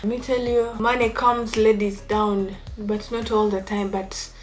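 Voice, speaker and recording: A woman's voice: mid-range voice, flat delivery, measured pace. A middle-aged woman vlogging relationship advice in casual chat, reading viewers' comments with a teasing, chatty manner. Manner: chatty, teasing, bursts into laughter.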